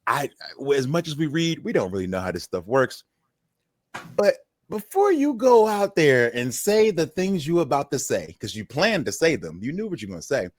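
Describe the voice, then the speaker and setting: Pitched on the high side and speaking at normal speed, a male podcast co-host tells stories in easygoing chat. He acts out the people he quotes with animation, and the recording is dry.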